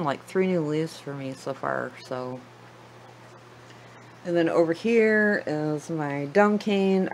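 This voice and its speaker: A woman's voice: low-pitched, a little hiss or hum, low-quality recording. A woman giving a casual tour of her houseplants in her living room, chatty and gushing, often trailing off mid-sentence. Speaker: plant vlogger.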